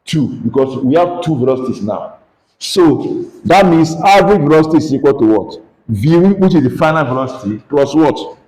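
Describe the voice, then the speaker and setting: A man's voice: a little high, expressive, moderate pace, a little mellow, reverberant, poor audio. A man with a Nigerian English accent teaching a physics lesson, questioning students and coaxing them to answer aloud. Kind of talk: classroom lesson with call-and-response questions.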